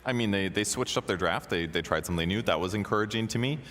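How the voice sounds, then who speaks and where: A man analyzing an esports match in a measured, analytical way. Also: on the low side, a bit bright, big-room sound. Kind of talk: analyst desk talk. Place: convention center stage.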